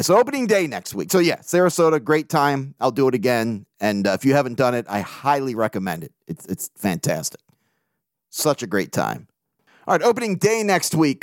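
A man's voice: medium pitch, dry recording, studio quality. A man hosting a podcast, telling stories in a rambling, profane, self-mocking way. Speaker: podcast host. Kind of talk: casual monologue.

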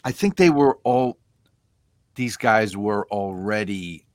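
A man co-hosting a casual talk, speaking hesitantly with many pauses and restarts. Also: fairly low pitch, animated, no echo, clean studio sound. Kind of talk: casual chat.

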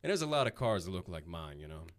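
A man with a fairly low voice spins a rambling, profane story for his podcast co-hosts. He laughs along and slips into quick impressions of the people in it. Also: very animated. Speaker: podcast co-host. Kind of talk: casual storytelling chat.

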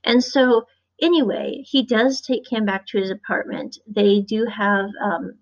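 A woman's voice: mid-range voice, unhurried. A woman from the US Midwest, rambling chattily through a casual recap of a show's episode. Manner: rambling, chatty, acts out quotes. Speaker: show reviewer. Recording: dull lo-fi recording.

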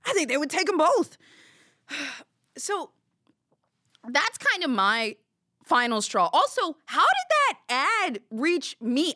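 A woman's voice: sits high, pushed and bright, no room sound, studio quality. A young woman hosting a podcast, telling a story in casual chat, laughing and swearing as she goes. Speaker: podcast host.

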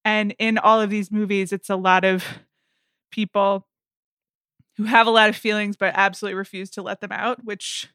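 A woman co-hosting a podcast in casual film chat, wry and teasing, jumping up into high mocking voices when she quotes people. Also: little pitch movement, normal speed, fairly bright tone, smooth, dry recording, studio quality. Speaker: podcast co-host.

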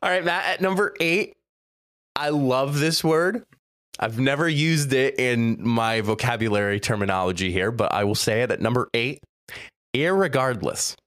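A man's voice: mid-range voice, normal speed, dry recording, clean studio sound. A young man co-hosting a casual podcast, reading list entries aloud and reacting with frequent laughs. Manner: animated, laughs often, reads quotes with mock gravity. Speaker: podcast co-host.

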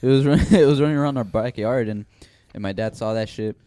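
A young man on a podcast, chatting casually and swearing freely. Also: medium pitch. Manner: relaxed, profane, quick back-and-forth. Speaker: podcast co-host. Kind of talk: casual chat.

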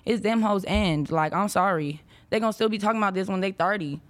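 A woman in her twenties, a former reality show cast member, venting in a brash, profane, rapid-fire rant during a casual chat. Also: mid-range voice. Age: 20s.

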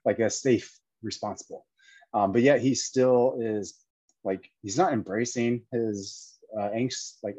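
A man's voice: fairly low pitch, mellow, no echo, highs cut off. A man giving an indignant, lecturing commentary full of rhetorical questions. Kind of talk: opinionated commentary video.

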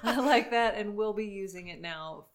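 A woman's voice: medium pitch, moderate pace, noisy background. A woman co-hosting a podcast in casual chat, blunt, sarcastic and opinionated. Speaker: podcast co-host.

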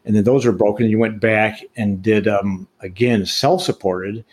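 A man's voice: lowish voice, fairly even intonation, moderate pace, a little mellow. An older man hosting an interview, asking rambling, stammering questions. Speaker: podcast host, interviewer. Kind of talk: casual interview conversation.

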